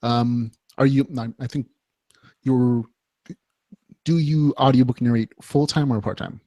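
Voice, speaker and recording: Brief: a male podcast host of mid pitch, casual and halting, dry close recording. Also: steady tone, dark tone, dry recording. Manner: hesitant, casual, with fillers and restarts. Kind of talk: casual interview.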